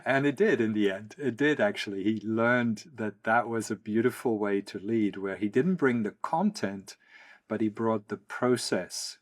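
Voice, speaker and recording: A man from the Netherlands hosting an interview as a coach, speaking in a measured, reflective way. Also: fairly low pitch. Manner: measured, reflective, frequent hums of agreement. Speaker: podcast host, coach. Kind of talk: conversational interview.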